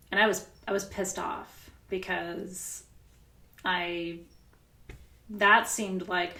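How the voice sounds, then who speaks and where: A woman's voice: fairly low pitch, bright, forceful tone, roomy sound. A middle-aged woman coach talking candidly and animatedly, telling stories with laughter and the odd swear word. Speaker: spiritual coach. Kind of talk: casual coaching session.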